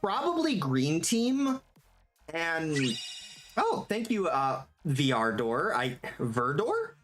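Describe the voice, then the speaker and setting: Over faint music, a streamer talks casually as they work, reading viewer messages out loud. The medium-pitched voice curses freely, gets excited easily, and breaks into laughter often.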